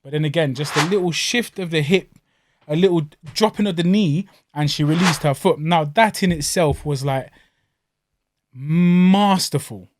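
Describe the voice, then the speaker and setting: A man co-hosting a podcast, bantering about fights in slangy, animated talk. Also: fairly high pitch, normal speed, noisy background. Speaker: podcast co-host.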